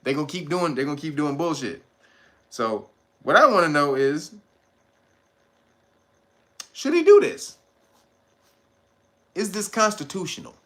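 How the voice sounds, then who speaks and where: A man's voice: fairly high pitch, big pitch swings, unhurried, long pauses. A man hosting a casual livestream, talking in profane street slang, laughing often and answering his viewers' chat. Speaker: livestream host.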